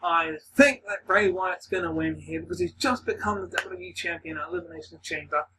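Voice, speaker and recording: Excitable high-voiced man, rambling. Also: brisk, gravelly, distant mic, slight background noise, poor audio. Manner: rambling, excitable, swears often. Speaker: video maker giving predictions. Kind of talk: casual excited monologue.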